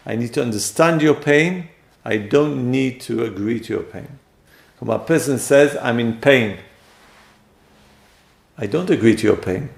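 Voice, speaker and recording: Man, gravelly voice, echoey room, lecture on relationships. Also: mid-range voice. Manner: acts out quoted speakers with sudden loud jumps. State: voice a bit strained. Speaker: teacher.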